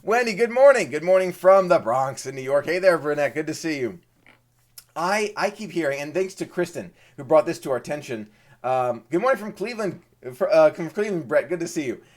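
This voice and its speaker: An eager man chatting casually on a live stream, often doubling up his words as he greets viewers. His voice sits a little high for a man. He is a host from Maryland. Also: expressive, fairly quick.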